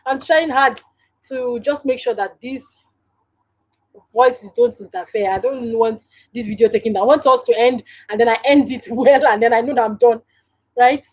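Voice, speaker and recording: A woman's voice: a little high, normal speed, poor audio. Chatty Nigerian woman on a live stream. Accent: Nigerian English. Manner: chatty, laughs often, speaks directly to viewers. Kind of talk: casual live-stream chat with viewers. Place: at home.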